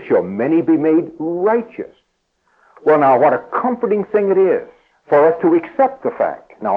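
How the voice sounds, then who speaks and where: A male preacher with a husky, slightly breathy voice delivers an evening sermon to a seated church congregation. He leans on key phrases, slowing down and lifting his pitch, and drops to a hushed, unhurried tone when leading prayer. The sound is thin and narrow, like an old phone-line broadcast. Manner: earnest, stresses key phrases by slowing and rising.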